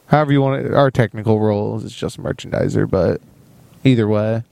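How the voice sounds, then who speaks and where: A young man co-hosting a podcast, telling a work story in relaxed casual chat and laughing often. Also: on the low side, brisk, gravelly, dry recording. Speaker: podcast co-host.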